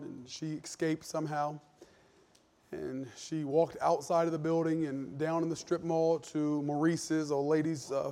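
Man, thirties, pastor, sermon, church, earnest, loud then hushed, higher voice. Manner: earnest storytelling, swings from loud preaching to hushed confession. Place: church sanctuary.

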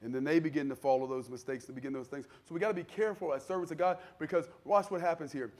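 A man preaching a sermon in a conversational style, acting out the people in his stories and building to loud, fervent peaks. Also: on the high side, fast. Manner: conversational preaching, acts out quoted voices, builds to shouting. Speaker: pastor.

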